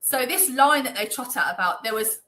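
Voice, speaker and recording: A woman's voice: fairly high pitch, expressive, fairly quick, bright, forceful tone, slight background noise, poor audio. A woman being interviewed, talking in a chatty, indignant way with lots of fillers. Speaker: interview guest. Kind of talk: conversational interview. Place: Northamptonshire.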